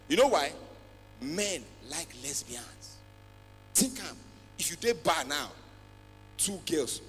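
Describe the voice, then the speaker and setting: This stand-up comic with a Nigerian accent and a high voice works a large festival stage, moving between Pidgin and English with loud, acted bursts. The sound carries long hall reverb and faint music.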